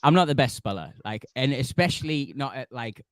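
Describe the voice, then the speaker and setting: A man's voice: medium pitch, animated, brisk, a bit bright, no echo, clean studio sound. A man from England hosting a casual movie live stream, chatty and self-mocking, swearing now and then. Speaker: podcast host.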